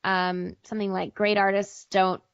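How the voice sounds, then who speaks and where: A woman's voice: mid-range voice, little pitch movement, moderate pace, clear, resonant tone, dry recording. American woman, voice actor guest, rambling casual talk, dry close sound, dull lo-fi audio. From United States. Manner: rambling, many fillers and restarts. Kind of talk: casual interview chat.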